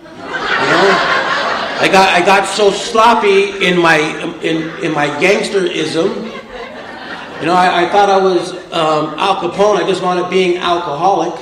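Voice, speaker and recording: A man's voice: high-pitched, unhurried, echoey room, noisy background. A man telling a humorous recovery story to a meeting audience, with a wisecracking, tough-guy delivery. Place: meeting room with a live audience.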